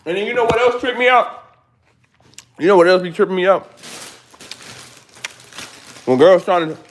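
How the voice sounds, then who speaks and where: A man's voice: high voice, slight background noise. A man ranting casually to his livestream chat in a rambling, profane, preachy way. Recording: roomy echo.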